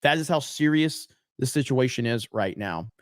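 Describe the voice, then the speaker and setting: A man's voice: mid-range voice, lively intonation, normal speed, dry recording, studio quality. A man hosting a livestream in a casual style, reading viewer chat aloud and answering in a blunt, profane way, often repeating words for emphasis. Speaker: livestream host.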